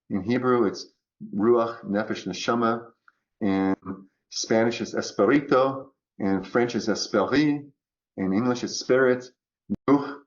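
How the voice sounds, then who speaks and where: A man talking as a podcast guest about choice and resilience, acting out quoted voices in an animated way. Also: mid-range voice, highs cut off. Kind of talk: conversational coaching talk.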